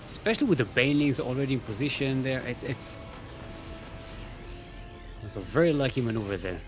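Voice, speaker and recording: A man's voice: mid-range voice, animated, fairly quick, over music. A man casting a live strategy game match, chatty and self-mocking with trailing fillers. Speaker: esports caster.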